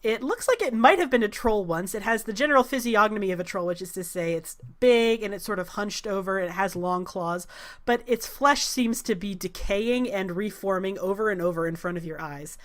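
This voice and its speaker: A woman runs a tabletop game, narrating scenes and monsters in an easy, unhurried way. Her voice sits at a middling pitch, and she fills pauses with soft hesitations. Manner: relaxed, with many filler "uh"s. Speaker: game master.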